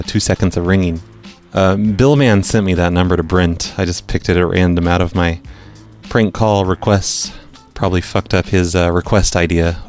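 A man hosting a podcast in loose, casual banter. His voice sits fairly low, and his delivery stays dry and sarcastic, with faint music underneath. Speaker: podcast host.

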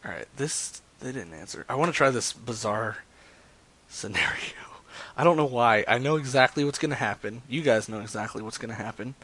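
A man's voice: medium pitch, lively intonation, a little fast, bright, forceful tone, breathy edge. A man streaming live, chatting loosely with his viewers between prank calls, with lots of fillers and jokes. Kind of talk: casual live-stream chat.

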